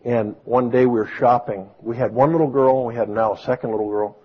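A man preaching a sermon, swinging from booming exclamations to soft storytelling. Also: steady tone, brisk, husky. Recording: dull lo-fi sound.

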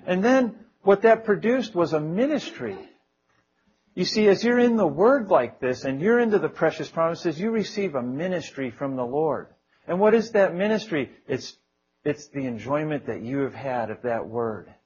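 A man's voice: on the high side, expressive, normal speed, a little mellow, a little hiss or hum. Earnest preacher man, muffled recording. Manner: earnest, conversational, with small jokes and prayed quotes. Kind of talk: sermon.

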